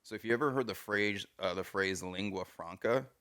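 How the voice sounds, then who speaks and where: A man's voice: on the low side, normal speed, fairly bright tone, clean tone. A man co-hosting a casual podcast chat, explaining things at length with lots of "you know" and "like". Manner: explains at length with many fillers. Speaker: podcast co-host.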